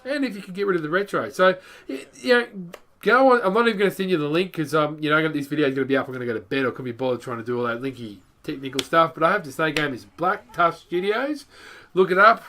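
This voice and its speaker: A man rambling bluntly and excitably over his gameplay, as a gaming YouTuber. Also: a little high, quick pace, a little hiss or hum. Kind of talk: casual gameplay commentary.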